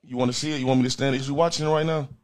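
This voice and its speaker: A man hosting a comedy call-in show, trading crude jokes with callers in a loud, profane, teasing way. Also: mid-range voice, fairly even intonation, racing. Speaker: comedy show host taking calls. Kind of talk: crude joking banter with callers.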